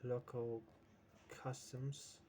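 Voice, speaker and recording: A man's voice: medium pitch, level tone, extremely slow, dark tone, a little hiss or hum. A man teaching an English lesson who explains with many examples and keeps checking in with "right?". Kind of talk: slow, patient English lesson.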